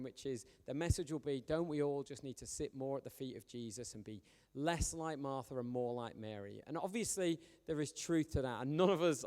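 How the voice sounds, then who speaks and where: A man's voice: fairly high pitch, darkish tone. A young man preaching a sermon in a chatty, joking storytelling manner. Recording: long reverb of a church hall.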